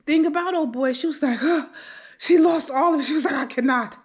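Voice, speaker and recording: A woman's voice: high voice, fast talker. Chatty woman vlogging from her kitchen. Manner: chatty, animated, talks straight to viewers. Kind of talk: casual vlog storytelling while cooking. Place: home kitchen. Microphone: handheld phone camera.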